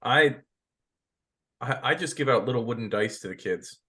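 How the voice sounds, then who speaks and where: A man's voice: medium pitch, expressive, moderate pace, sharp tone. A man hosting a casual podcast chat, easygoing, with small stammered restarts. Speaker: podcast host.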